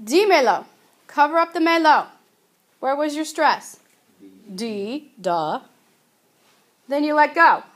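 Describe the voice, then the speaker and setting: Female teacher with a high voice, casual and patient in a classroom lesson. She stretches her example words out. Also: animated. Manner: chatty, patient explaining, drawing out example words slowly. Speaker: Spanish teacher. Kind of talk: recorded classroom grammar lesson.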